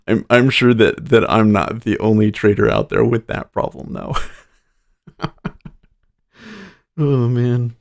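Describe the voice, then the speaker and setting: Hosting a day trading livestream, a man chats casually and easily with his viewers, chuckling often. His gravelly voice sits in the mid range, and he speaks slowly with long pauses.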